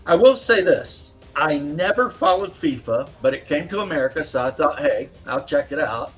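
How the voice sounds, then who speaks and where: Stream host, man, loose profane storyteller; slightly higher voice over faint background music. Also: expressive, normal speed, a bit bright. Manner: loose, profane, laughs while telling stories. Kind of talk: casual chat.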